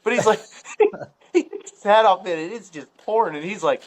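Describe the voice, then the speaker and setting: Here a podcast guest from Ohio, a man whose voice sits somewhat high, rambles through a hunting tale at a moderate pace. Cursing freely and leaning on fillers, he keeps things casual, raising his pitch whenever he voices what another person said.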